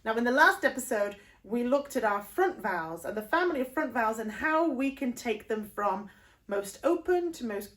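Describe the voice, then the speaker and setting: Northern English woman teaching singing. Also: on the high side. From northern England. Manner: patient, explanatory, breaks into sung vowel demos. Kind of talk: video voice lesson.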